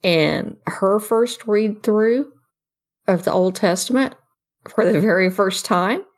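A woman's voice: mid-range voice, slow pace. A woman co-hosting a podcast, telling stories in a casual chat. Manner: storytelling, animated quoting of others. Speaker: podcast co-host.

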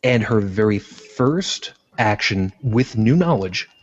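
Husky low-voiced man, lo-fi. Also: animated, takes it slowly. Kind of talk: casual discussion. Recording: dull lo-fi sound.

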